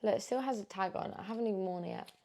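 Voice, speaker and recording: A woman's voice: medium pitch, rapid-fire, creaky, a little mellow. Chatty young English woman vlogger. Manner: chatty, candid, slangy. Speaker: fashion vlogger. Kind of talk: casual try-on haul chat.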